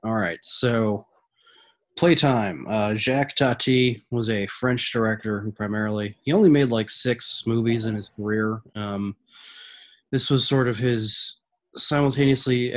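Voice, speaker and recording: A man co-hosting a podcast while sick, his voice husky and congested, talking in a groggy, grumbling, halting way. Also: medium pitch, steady tone. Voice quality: husky from illness. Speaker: podcast co-host. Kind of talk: casual chat.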